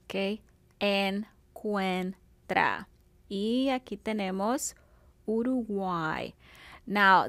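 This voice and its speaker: Slow, patient woman teaching Spanish. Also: mid-range voice, a bit bright, no room sound. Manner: slow, patient, spells out words syllable by syllable. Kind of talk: recorded classroom video lesson.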